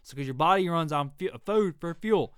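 A middle-aged man rants through his faith podcast with an emphatic, preachy push, hammering the same points again and again. His voice sits high and comes out smooth and clear. The sound is dry and close, with no room around it. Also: animated, moderate pace, dry recording. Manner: preachy, emphatic, repeats himself. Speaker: podcast host. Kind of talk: ranting faith podcast monologue.

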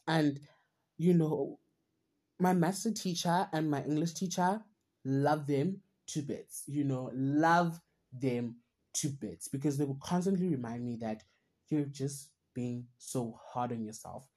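A young woman hosting a podcast delivers a personal, reflective monologue, talking earnestly and at length about her own struggles in a rambling, self-searching way. Her voice is low and dark, a little slow.

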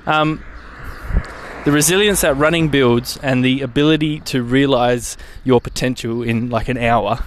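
A man's voice: medium pitch, unhurried. A young man hosting his own podcast, chatting casually in a rambling way and swearing now and then. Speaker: podcast host. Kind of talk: casual solo podcast chat.

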